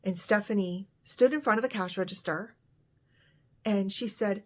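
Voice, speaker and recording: A woman's voice: mid-range voice, moderate pace. Woman, storyteller, casual retelling with light character voices.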